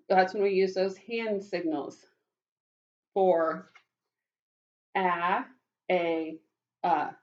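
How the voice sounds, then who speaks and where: A woman teaching a phonics lesson to young children, speaking slowly and warmly, praising them often and sounding out words. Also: fairly low pitch, muffled recording. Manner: slow, encouraging, praising often. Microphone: webcam.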